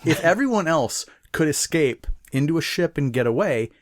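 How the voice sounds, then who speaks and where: A man's voice: a little high, lively intonation, normal speed, no room sound, clean studio sound. A man co-hosting a podcast, rambling through a casual film review chat with many restarts. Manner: rambling, restarts and retells plot. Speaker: podcast co-host.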